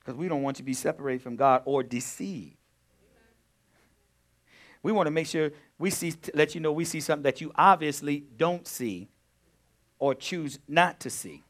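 A man preaching a sermon as pastor, swinging between quiet talk and loud, urgent emphasis. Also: fairly high pitch, moderate pace, long pauses.

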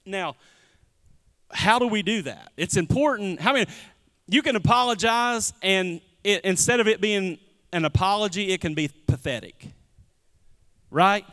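A man's voice: high-pitched, measured pace, long pauses, sharp tone. A man, a pastor preaching a conversational sermon and calling out to the congregation. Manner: conversational preaching with audience call-outs. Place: church sanctuary. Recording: long hall reverb.

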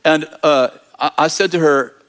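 Animated man telling a sermon story. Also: on the high side, normal speed.

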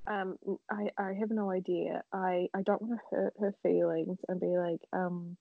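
A woman's voice: lowish voice, flat delivery, moderate pace, gravelly, hardly any pauses, no echo. A young woman co-hosting a casual chat, laughing, teasing and swearing freely. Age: young adult. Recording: dull lo-fi recording.

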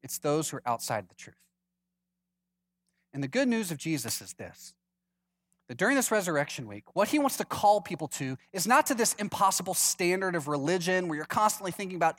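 A man's voice: high-pitched, a little fast. A male pastor preaching a sermon with humor, acting out the people in the story in different voices. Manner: lively, acts out quoted voices for humor.

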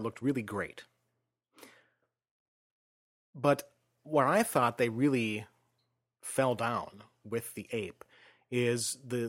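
Guy talking through a movie remake, measured and explaining, gets quieter at the ends of phrases. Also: medium pitch. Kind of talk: casual film discussion.

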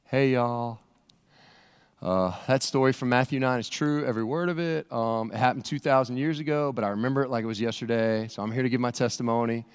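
A man's voice: medium pitch, a little fast, smooth, voice pushed down, close to an everyday voice. A preacher voicing a healed former paralytic man, who gives a chatty, folksy testimony.

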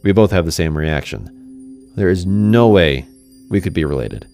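A man's voice: low voice, animated, normal speed, a little mellow, soft background music. A man narrating a first-person fantasy story in a conversational way, speaking to the listener directly.

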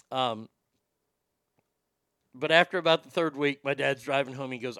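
A man hosting a talk show, telling a childhood story in a casual, wry and animated way, with some swearing. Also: mid-range voice, normal speed, long pauses, smooth, no echo, studio quality.

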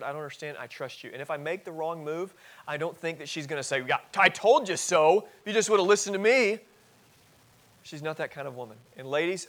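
Earnest preaching man, loud to hushed. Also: fairly high pitch. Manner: earnest, swings between loud emphasis and soft asides. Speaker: pastor. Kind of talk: sermon. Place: church sanctuary.

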